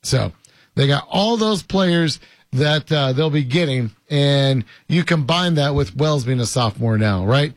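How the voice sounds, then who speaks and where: A man's voice: medium pitch, expressive, a little slow, no echo. A man from hosting a casual sports talk show, chatting with many fillers and emphatic repeats. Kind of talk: casual sports radio chat.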